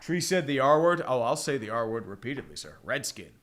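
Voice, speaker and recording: A man's voice: medium pitch, big pitch swings, a little fast, fairly bright tone. A man calling play-by-play in a casual style, breaking into jokey, mumbled asides between plays. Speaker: play-by-play commentator.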